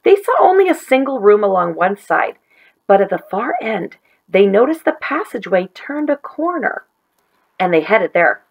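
A woman teacher reading a chapter book aloud to children in a gentle, expressive way. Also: medium pitch, moderate pace, creaky, poor audio.

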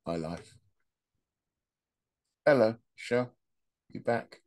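Very slow yet lively in intonation, a medium-pitched man with a darkish tone hosts a podcast. He tells meandering, joking anecdotes in a casual monologue, often laughing at his own stories.

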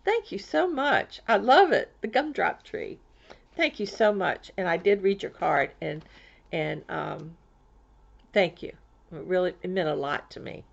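Gravelly, rambling woman vlogging at home. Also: on the low side, lively intonation, unhurried. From Florida. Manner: rambling, chatty, many restarts. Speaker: crafting vlogger. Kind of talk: casual chatty vlog. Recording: dull lo-fi home recording.

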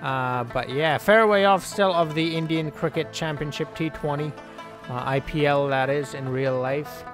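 A man giving casual, joking commentary over his own video game play, yelling at the players on screen. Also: on the high side, moderate pace, music in the background. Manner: excitable, jokey, scolds the game's players aloud. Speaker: gaming channel host.

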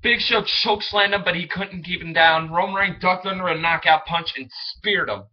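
A young man chatting casually as a fan vlogger, rambling and excitable, often stumbling over his words. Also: sits high, normal speed. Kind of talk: casual solo commentary. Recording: dull lo-fi home recording.

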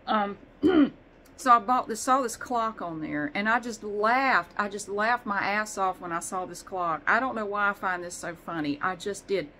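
A woman's voice: medium pitch, animated, moderate pace, sharp tone, slight background noise, low-quality recording. A woman vlogger chatting casually, rambling and swearing with self-deprecating humor. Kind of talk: casual chat.

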